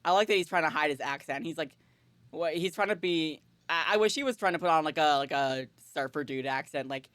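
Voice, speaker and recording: Role: streamer. Sex: female. Style: casual gameplay commentary. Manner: excitable, jokey, swears. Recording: dry, close mic. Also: low-pitched, a little fast, dry recording.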